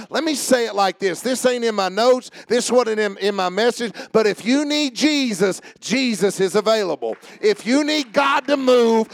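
A gravelly-voiced pastor preaches in church, moving from low, conversational speech to shouting and calling out congregants by name. The recording has no echo.

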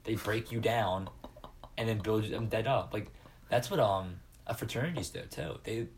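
A young man talking casually, circling his point with many fillers and restarts. His voice is fairly low. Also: normal speed, a little hiss or hum. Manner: rambling, filler-heavy talk. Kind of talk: casual chat.

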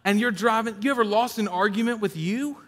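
A man preaching a sermon, shifting between loud emphatic points and low conversational storytelling. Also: brisk. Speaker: pastor. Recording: long hall reverb.

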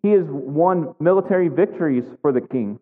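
A man's voice: fairly high pitch, moderate pace. A man preaching a sermon, retelling a scripture story conversationally and checking in with "right?" as he goes. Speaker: pastor. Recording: echoey hall, thin phone-like sound.

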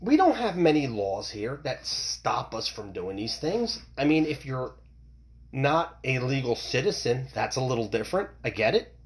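A middle-aged man from the United States rants on his own podcast. His pitch swings widely as he talks. He is heated and profane, and he keeps restarting his sentences. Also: sing-song, normal speed. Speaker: podcast host. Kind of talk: opinionated solo podcast rant.

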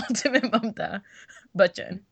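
A woman's voice: fairly high pitch, slow pace, breathy edge. A young woman co-hosting a podcast in casual chat, giggly and full of fillers. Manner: chatty and giggly, many fillers. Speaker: podcast co-host.

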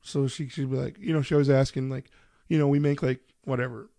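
A man's voice: medium pitch, fairly even intonation, brisk, creaky, dark tone, no room sound. A man in his thirties hosting a podcast, telling profane family stories in casual chat and laughing often. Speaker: podcast host.

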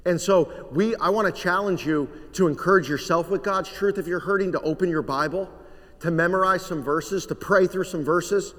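A male pastor preaching a sermon in earnest tones, dropping to a hush on solemn lines. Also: sits high, normal speed. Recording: long hall reverb.

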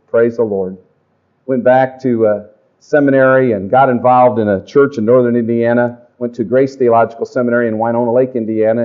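Folksy preacher man, dull lo-fi recording. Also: mid-range voice. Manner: folksy, animated storytelling to a congregation. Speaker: pastor. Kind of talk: sermon testimony. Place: church or camp meeting.

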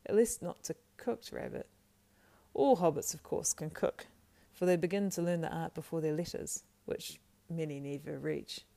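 A woman narrating a storybook aloud in a steady, measured reading with small slips. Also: sits low, creaky. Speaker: audiobook narrator.

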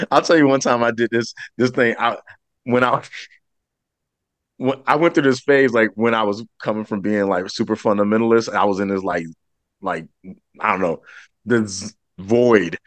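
A man's voice: on the low side, moderate pace, long pauses, no echo. A man hosting a podcast, telling stories in a casual chat, laughing often and acting out the people he quotes. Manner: animated, laughing, acts out quoted voices. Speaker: podcast host.

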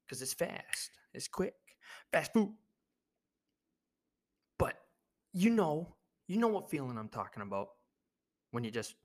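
A young man hosting his own podcast, rambling through a jokey, profane monologue with sudden loud bursts. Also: fairly high pitch. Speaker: podcast host. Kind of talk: casual comedic monologue.

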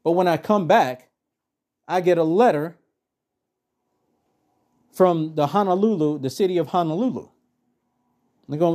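A man hosting a podcast, ranting bluntly with heavy profanity and telling a story in a casual, animated way. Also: fairly high pitch, a little slow, long pauses. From Texas. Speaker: podcast host. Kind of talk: profane political rant and storytelling.

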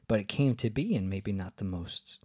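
Low husky guy rambling through a story, lots of um and you know, dry close sound. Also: expressive, normal speed, mellow, no room sound. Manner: rambling, many fillers and restarts, upbeat. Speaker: podcast host. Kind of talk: casual storytelling monologue.

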